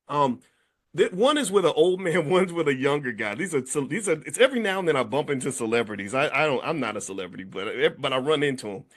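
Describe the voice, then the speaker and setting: A man in his fifties giving an animated monologue, telling stories and acting out what people said. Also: quick pace. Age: 50s. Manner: animated storytelling, acts out quotes with big pitch jumps. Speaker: commentator. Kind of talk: casual monologue to camera.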